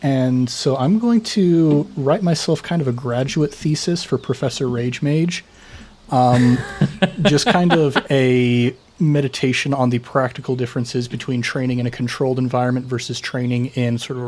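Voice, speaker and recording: A man's voice: mid-range voice, moderate pace, a little mellow. Upbeat joking man at a game table. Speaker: player. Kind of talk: casual tabletop play.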